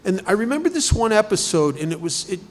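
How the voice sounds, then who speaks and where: A man's voice: high voice, big pitch swings, quick pace. Man asking rhetorical questions. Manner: conversational, full of rhetorical questions. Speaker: speaker at a recovery group study. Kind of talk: recovery talk.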